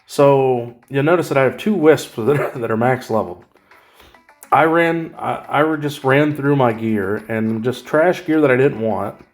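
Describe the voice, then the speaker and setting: A man casually talking through his mobile game progress, rambling and correcting himself with wry asides. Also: medium pitch. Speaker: gaming channel host. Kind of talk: casual gameplay commentary.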